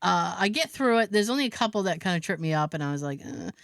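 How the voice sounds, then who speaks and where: A woman's voice: fast, gravelly, dry recording. A woman co-hosting a podcast, telling a story in casual chat and acting out the quotes with big jumps in her voice. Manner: animated, acts out quotes with big pitch jumps, laughs often. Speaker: podcast co-host.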